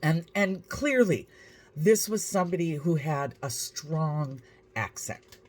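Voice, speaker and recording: A woman's voice: deep voice, expressive, slow pace, a little mellow. A woman vlogger telling a story to camera in a dry, wry, matter-of-fact way.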